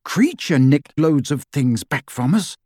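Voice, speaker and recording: A man's voice: a little high, animated, unhurried, a little mellow, no echo, studio quality. A man voicing an urgent, commanding teenage boy wizard giving orders.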